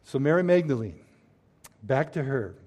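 A man preaching a sermon as a pastor, swinging between loud stressed phrases and hushed, quiet drops. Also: medium pitch, lively intonation, normal speed.

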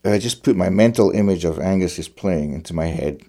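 A male fiddler reflects on music in conversation, speaking thoughtfully and searching for words as he describes his playing. His voice is low and dark-toned, at a normal speed.

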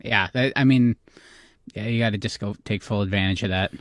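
A man's voice: on the low side, brisk, no room sound, clean studio sound. Easygoing joking man on a podcast. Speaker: podcast co-host. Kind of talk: casual chat.

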